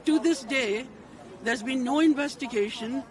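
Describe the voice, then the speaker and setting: A woman speaks urgently and indignantly on a busy street, her voice very high and often restarting mid-phrase. A crowd murmurs loudly around her. The sound is a raw outdoor livestream. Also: measured pace. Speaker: protester, mother of a victim. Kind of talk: impassioned street speech. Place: outdoors on a city street at a protest. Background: crowd noise.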